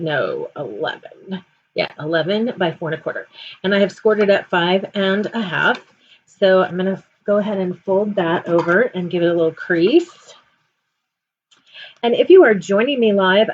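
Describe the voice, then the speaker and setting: A woman's voice: medium pitch, slightly rough, dull audio. A woman hosting a live card-making tutorial, chatty and rambling, often correcting herself.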